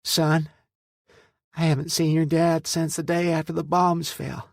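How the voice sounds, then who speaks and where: A man's voice: on the high side, flat delivery, unhurried, gravelly, no room sound, studio quality, pitched above the performer's own voice. A man voicing a stern but loving middle-aged mother who scolds firmly. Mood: tearful. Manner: scolding, firm.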